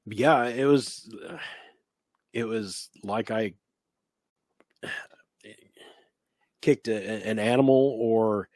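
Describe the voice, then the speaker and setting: A man co-hosting a casual talk show, talking through what he heard in a halting way, searching for words. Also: fairly low pitch, a little mellow, dry recording. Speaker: radio show co-host. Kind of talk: casual paranormal investigation chat.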